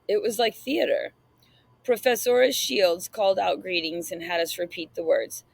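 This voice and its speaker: A woman reading an audiobook aloud, narrating in the first person in a measured, reflective way. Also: on the low side, vocal fry, no room sound, poor audio.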